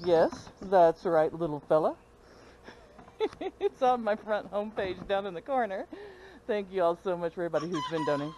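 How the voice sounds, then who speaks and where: A woman's voice: lowish voice, expressive, moderate pace, mellow, low-quality recording. An older woman chatting casually in a vlog, recorded outdoors on a farm with a handheld camera. She talks in a chatty way and coos and baby-talks to her animals. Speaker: vlogger on a small farm. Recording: outdoor noise, animals and passing cars.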